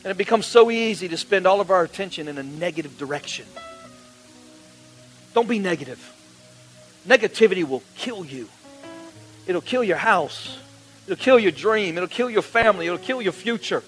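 Male pastor, bright sharp tone, call-and-response sermon. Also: high voice, animated, normal speed, pauses often, soft background music, rough recording. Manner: call-and-response preaching, rising to shouts.

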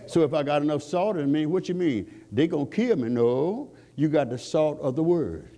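A man's voice: a little high, animated, normal speed, mellow. A man preaching a sermon in call-and-response style, asking the congregation questions and climbing to fervent peaks.

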